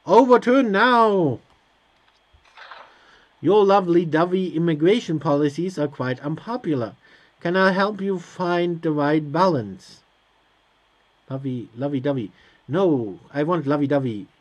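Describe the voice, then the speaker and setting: Reading game text off the screen, this let's play host answers it with sarcastic, hesitant remarks in casual commentary. His voice is fairly high and darkish, at a normal speed.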